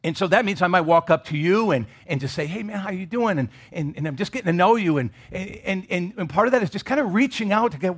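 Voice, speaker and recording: A middle-aged man from Michigan preaching a sermon as pastor, animated and joking with the congregation in casual asides. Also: high voice, fast, hardly any pauses, breathy edge.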